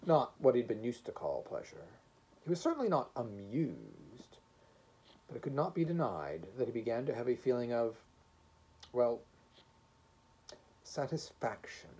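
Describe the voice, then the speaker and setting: A man reading a short story aloud, narrating with expression and measured pacing. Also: medium pitch, sing-song, warm tone, breathy edge. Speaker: audiobook reader.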